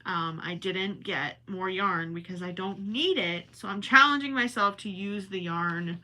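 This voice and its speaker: A young woman chats with her livestream viewers while she crochets, rambling and correcting herself as she goes. Her voice is very bright and sits at a middle pitch for a woman. Now and then she drifts a bit off the mic. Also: unhurried. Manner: chatty and rambling, self-correcting, talks while working. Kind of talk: casual chat while crocheting live.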